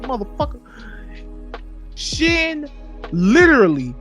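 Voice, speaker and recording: Man, casual podcast rant, profane, repetitive, slow, lively pitch, faint music behind. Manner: heated, profane, repetitive ranting. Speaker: podcast co-host.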